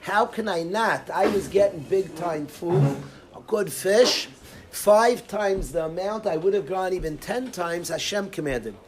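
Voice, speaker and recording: A man's voice: sits high, a little slow, a little mellow, a little hiss or hum. A rabbi teaching a lecture class, telling a story and explaining each source line while often repeating and restarting his phrases.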